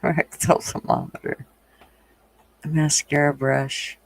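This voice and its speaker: A woman's voice: deep voice, flat delivery, takes it slowly, vocal fry, no echo. A woman from the American South hosting a casual livestream chat, blunt, profane and teasing with her viewers. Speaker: livestream host.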